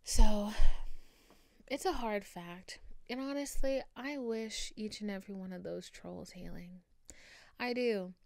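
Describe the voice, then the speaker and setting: A woman's voice: medium pitch, no echo. A woman hosting her own podcast, talking casually and emphatically and swearing freely, recorded in a room at home. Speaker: podcast host. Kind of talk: casual solo podcast monologue.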